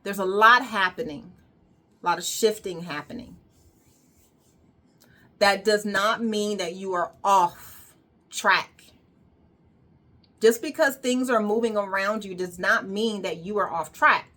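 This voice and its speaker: A woman's voice: medium pitch, slow, pauses often, sharp tone. A woman wellness coach giving an emphatic, repetitive motivational monologue with casual swearing.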